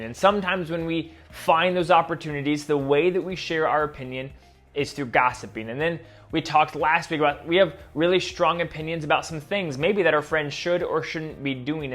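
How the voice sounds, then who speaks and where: Friendly guy hosting a kids' talk, chatty, speaks right to you, slightly high voice. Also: fairly bright tone. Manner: friendly, direct address, chatty asides. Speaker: kids' ministry host. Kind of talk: scripted talk to kids at home.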